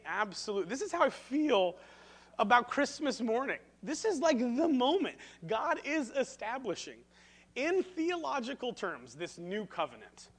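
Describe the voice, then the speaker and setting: A male pastor preaching a sermon, telling an animated, self-deprecating story with humor before turning to the message. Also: high voice.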